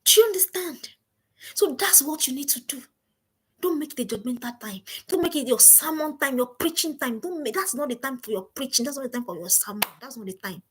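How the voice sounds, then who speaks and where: A woman's voice: high-pitched, animated, a little fast, husky. A middle-aged woman gives an emphatic live-stream parenting talk, repeating her key phrases. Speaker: parenting coach. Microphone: home streaming setup.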